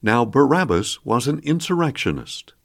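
A man reading scripture aloud in a measured, solemn way, as the regular reader of a daily podcast. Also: medium pitch, very animated, vocal fry.

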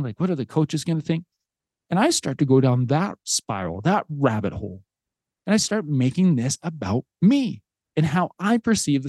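A man's voice: medium pitch, dark tone, no echo. A man in his thirties, a podcast host, telling a personal story in an earnest, heartfelt way, with frequent restarts.

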